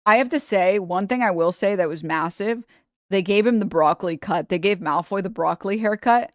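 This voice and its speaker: A young woman streamer talks straight to her viewers in loose, slangy, foul-mouthed banter. Her pitch sits in an ordinary middle range, and the sound is close and dry with no room echo. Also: brisk. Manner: irreverent, profane banter with slang. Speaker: streamer host. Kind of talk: casual live-stream chat.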